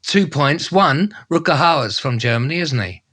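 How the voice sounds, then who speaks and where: A man, a travel presenter telling a story in casual, slangy, animated style. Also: a little high, a little slow. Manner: animated, slangy, acts out voices and sounds. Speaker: travel presenter and podcast co-host.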